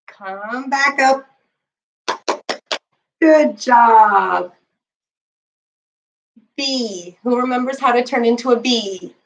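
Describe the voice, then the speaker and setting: Slow, patient woman leading kids yoga. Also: a little high, reverberant, recorded from a distance, poor audio. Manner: patient, encouraging, counts poses aloud. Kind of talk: guiding a children's bedtime yoga class.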